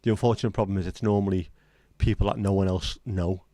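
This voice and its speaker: A man's voice: sits low, steady tone, quick pace, dark tone, no room sound, studio quality. A man hosting a casual livestream chat, chatty and sweary with self-deprecating humour. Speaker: livestream host.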